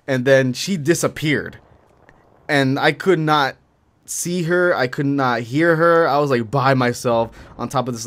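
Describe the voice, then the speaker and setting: A man's voice: medium pitch, fairly bright tone. Rambling, profane young man. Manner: rambling, profane, filler-heavy. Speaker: gaming commentator. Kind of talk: casual storytelling over gameplay.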